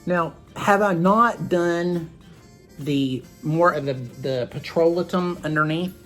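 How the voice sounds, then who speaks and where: A man's voice: a little high, slow, fairly bright tone, soft background music. A man with a Southern US twang hosting a makeup vlog, rambling chattily with asides to his viewers. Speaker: makeup vlogger. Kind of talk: chatty beauty tutorial vlog.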